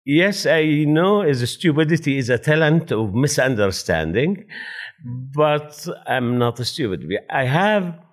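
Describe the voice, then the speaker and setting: Lively Arabic-accented man telling stories. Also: a little high, takes it slowly. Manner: animated, laughing, non-native grammar. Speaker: panel speaker. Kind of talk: personal storytelling at a talk.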